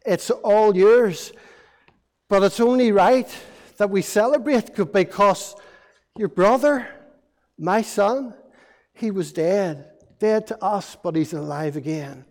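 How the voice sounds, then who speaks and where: A man playing a loving old father, slow and emphatic. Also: high-pitched, very animated, smooth. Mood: tender. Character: loving old father welcoming his son home.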